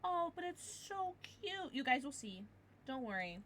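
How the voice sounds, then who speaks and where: A woman's voice: high voice, big pitch swings, unhurried, a bit bright, a little hiss or hum. A woman livestreaming, chatting casually with her viewers in a bubbly, giggly way with playful baby-talk asides.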